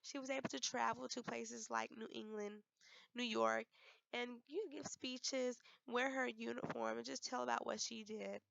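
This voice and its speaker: Hoarse young woman student presenting, gravelly, hesitant, many fillers; dull dry recording. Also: on the high side, steady tone, moderate pace, a bit bright, no echo. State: hoarse, losing her voice. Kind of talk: class presentation.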